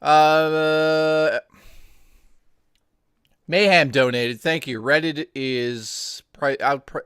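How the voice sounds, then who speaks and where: A man's voice: fairly high pitch, extremely slow, fairly bright tone, clear, resonant tone, no echo, clean studio sound. A man co-hosting a casual livestream, chatting in an offhand, joking and profane way. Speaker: co-host.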